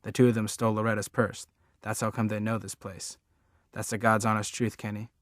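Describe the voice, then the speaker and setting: A man's voice: on the low side, level tone, dry recording, clean studio sound, natural voice. A man reading the part of a nervous, bearded sidekick in an audiobook, talking in a jittery hurry. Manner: jittery, hurried.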